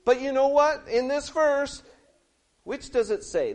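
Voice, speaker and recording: Middle-aged male preacher, high-pitched, expressive storyteller for a children's sermon. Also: measured pace. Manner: lively, expressive storytelling with big swings in pitch and loudness.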